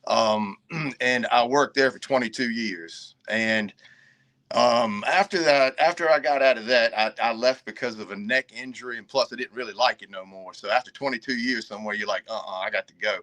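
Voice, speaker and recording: Middle-aged man, Southern Virginia drawl, folksy and chuckling, bright tone. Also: mid-range voice, normal speed. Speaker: guest caller. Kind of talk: casual podcast chat.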